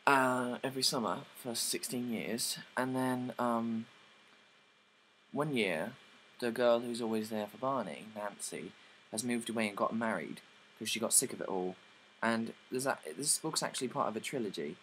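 A man's voice: medium pitch, normal speed, a bit bright, a little hiss or hum, rough recording. A young man casually summarizing plays, rambling with lots of likes and ums and casual swearing.

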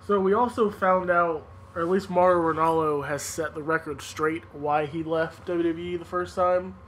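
A man's voice: fairly high pitch, fairly even intonation, normal speed, fairly bright tone, rough recording. A man hosting a podcast, recounting news in loose, casual chat with frequent laughter and swearing. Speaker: podcast host.

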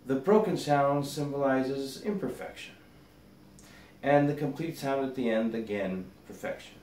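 A male rabbi gives a spoken meditation, unfolding a parable in a gentle storyteller's way. His voice sits at a middle pitch. It comes from a little off the mic, with a roomy echo and faint background noise. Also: measured pace, far from the mic.

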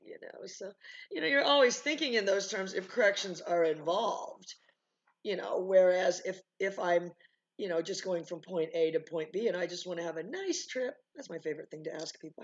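A woman's voice: on the low side, a little fast, lo-fi sound. A woman dog trainer talking through e-collar training in a rambling, casual way, full of fillers and asides. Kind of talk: casual teaching talk. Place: home with dogs nearby.

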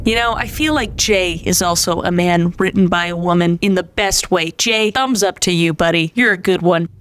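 A woman hosting a reaction video, chatting casually in an animated, joking way with frequent laughs and exclamations. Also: lowish voice, normal speed, a little hiss or hum.

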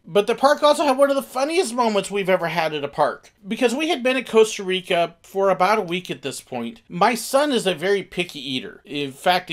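A man casually telling a funny family story, animated and acting out the quoted bits. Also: sits high.

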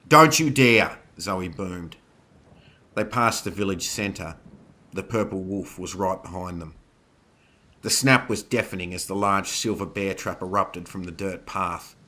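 A man narrating a scripted horror story in a steady, dramatic manner. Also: sits low.

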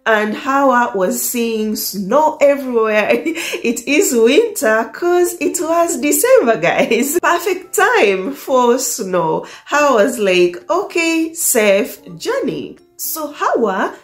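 A woman with an East African accent, a dating coach telling a love story to her viewers in a casual, animated way, laughing often. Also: fairly high pitch, slow pace. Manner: animated, laughs often, acts out quoted lines. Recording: echoey room.

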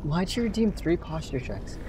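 A man's voice: sits high, lively intonation, normal speed, noisy background. A young man hosting a casual gaming stream, joking and teasing his co-op partner and laughing often. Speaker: streamer host.

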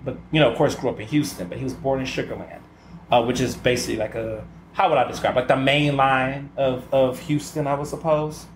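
A man hosting a podcast, chatting casually alone in a sassy, emphatic way and often stopping to ask "okay?" for emphasis. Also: mid-range voice. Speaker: podcast host. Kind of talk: casual solo chat. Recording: roomy echo with faint ambient noise.

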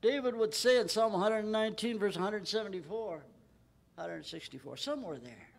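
A man preaching at a Bible study in a church, emphatic and rising in pitch when he quotes scripture. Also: a little fast, vocal fry. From Texas. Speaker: pastor.

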